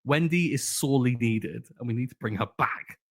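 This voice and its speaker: A man's voice: mid-range voice, moderate pace. Playful guy cohost, mid voice, teasing, keeps restarting sentences. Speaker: podcast co-host. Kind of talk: casual chat.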